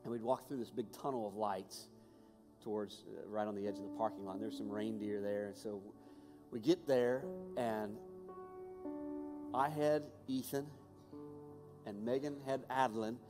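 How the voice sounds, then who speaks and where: A man preaching a sermon and telling a personal story, swinging between hushed and raised voice with passion. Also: fairly low pitch, moderate pace. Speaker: pastor. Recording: long hall reverb with music behind.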